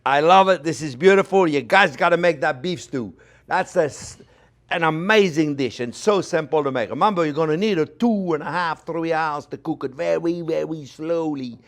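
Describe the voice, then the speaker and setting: A man's voice: fairly high pitch, moderate pace. Older French-accented man, cooking show host, enthusiastic and rambling with restarts. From France. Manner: chatty, enthusiastic, lots of fillers and restarts. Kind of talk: casual cooking demonstration. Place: home kitchen.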